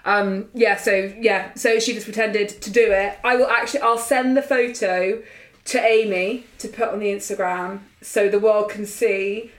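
A woman's voice: mid-range voice, normal speed. Laughing woman sharing an anecdote. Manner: lively anecdotal, laughs mid-sentence, mimics friends. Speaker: podcast co-host. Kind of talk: casual chat.

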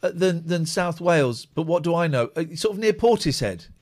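A middle-aged man hosting a call-in live stream, chatting casually and teasing callers with deadpan jokes. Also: moderate pace. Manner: teasing, deadpan jokes, lively swings in pitch. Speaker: live stream host taking phone calls. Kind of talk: casual joking chat with callers.

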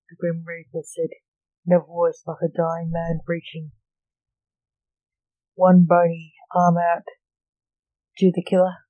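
A woman reading a superhero story aloud, slow and even, with small slips. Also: lowish voice, dry recording, narrow, tinny audio. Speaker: story reader.

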